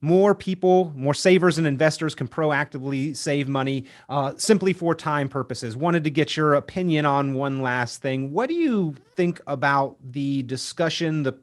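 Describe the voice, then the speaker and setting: Male radio host, fairly high voice, measured and formal, leads an interview. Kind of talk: interviewing a guest.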